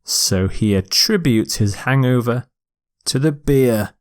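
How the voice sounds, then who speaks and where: A man teaching a recorded vocabulary lecture, speaking slowly and deliberately and stressing syllables clearly. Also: medium pitch, expressive. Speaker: English teacher.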